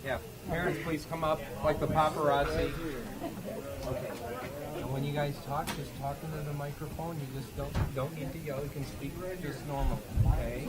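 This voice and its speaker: A man's voice: fairly high pitch, flat delivery, moderate pace, a loud crowd, rough recording. A man chairing a school board meeting, joking and encouraging as he talks with young students. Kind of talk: friendly meeting chair talking with children. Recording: loud background noise.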